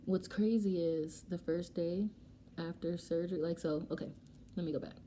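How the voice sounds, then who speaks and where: Young woman vlogger, warm low voice, emotional chatty storytelling, light background hiss. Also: normal speed. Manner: emotional, animated retelling with quoted dialogue. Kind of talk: casual storytelling while doing makeup. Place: home, getting ready.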